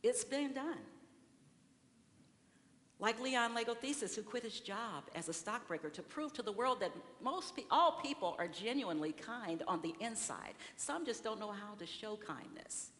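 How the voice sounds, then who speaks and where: A woman's voice: a little high, expressive, moderate pace, a bit bright. A woman giving a conversational sermon in a church, asking the congregation questions and acting out what people say. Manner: conversational preaching with rhetorical questions and acted-out quotes. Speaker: speaker at a church service. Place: large church sanctuary. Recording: reverberant hall, faint room noise.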